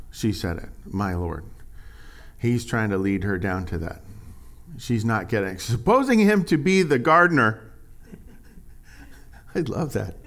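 A male pastor delivers a sermon in a relaxed, conversational way. He turns animated and lifts his voice when he reads scripture aloud. His voice sits at an ordinary middle pitch.

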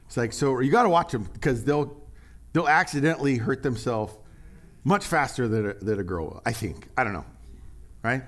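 A man preaching in an easygoing, conversational voice of ordinary pitch. He shifts energy often, leaning into lines for emphasis and then dropping back down. It sounds like a relaxed sermon to a congregation. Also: moderate pace. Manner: conversational and animated, with acted-out quotes and laughs. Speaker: pastor.

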